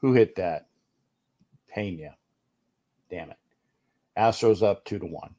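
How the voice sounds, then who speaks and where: A man's voice: sits low, takes it slowly, mellow. Irritated man grumbling on a home livestream. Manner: grumbling, irritated, repeats and restarts phrases. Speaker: livestream host. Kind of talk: casual livestream chat.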